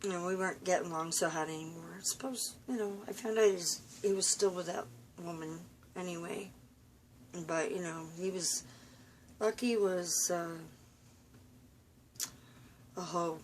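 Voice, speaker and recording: Woman with a lowish voice, tired and halting, confiding at home with lots of fillers. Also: slight background noise. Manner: halting, full of fillers and restarts; weary, confiding. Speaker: vlogger. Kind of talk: rambling personal vlog. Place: room at home.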